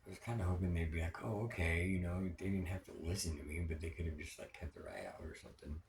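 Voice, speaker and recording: Brief: low, gravelly man, personal diary vlog, rambling and hushed at times, roomy echo with background noise. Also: animated, quick pace. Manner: rambling, many fillers, drops to a near whisper at times; swears when upset. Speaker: vlogger. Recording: echoey room with background noise.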